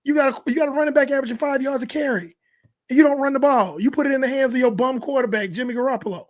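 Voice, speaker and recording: A high-pitched man, chatting loosely about football on a podcast. He talks in an animated way and slips into little voices as he quotes imagined players and coaches. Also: very fast. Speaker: podcast co-host. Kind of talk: casual sports talk.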